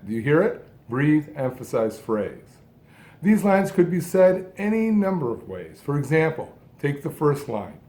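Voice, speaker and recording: A man giving an instructional talk, speaking deliberately in short phrases with strong emphasis on key words. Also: fairly high pitch, very animated, darkish tone. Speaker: speech coach who stutters.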